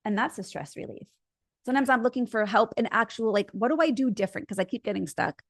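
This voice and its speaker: A woman's voice: a little high, fast talker, dry recording. Woman therapist, dry close voice. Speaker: couples therapist, podcast co-host. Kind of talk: casual chat with role-play.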